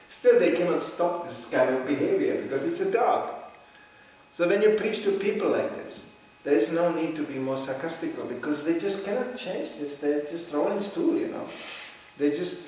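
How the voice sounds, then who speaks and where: Mężczyzna z czeskim akcentem, kaznodzieja, anegdoty, śmiech, pogłos w sali, daleko od mikrofonu. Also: male voice, a little high, a little mellow. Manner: anecdotal, laughing often, conversational. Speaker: preacher. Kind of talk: spiritual lecture. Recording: echoey room, far from mic, faint noise.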